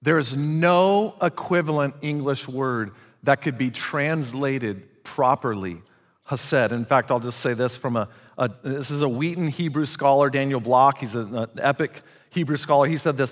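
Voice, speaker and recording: A pastor preaching a conversational sermon, speaking animatedly and calling on the congregation to respond. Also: male voice, mid-range voice, moderate pace. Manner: animated, conversational preaching with audience call-outs. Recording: long hall reverb.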